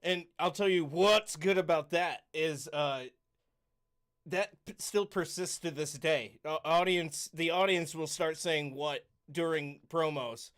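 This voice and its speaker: A man's voice: fairly high pitch, a little slow, fairly bright tone, clear, resonant tone. A man co-hosting a casual podcast chat, easygoing and agreeable, chiming in often. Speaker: podcast co-host.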